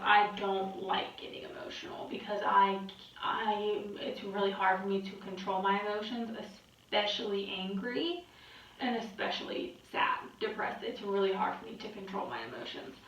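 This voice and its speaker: A woman's voice: medium pitch, fairly bright tone. A young woman talks candidly to her camera, worn out and rambling, with the odd swear word. Her voice rings around a very reverberant room and sounds muffled and dull. She sits well back from the mic. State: exhausted. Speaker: vlogger. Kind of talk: candid personal vlog. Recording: very echoey, distant, muffled.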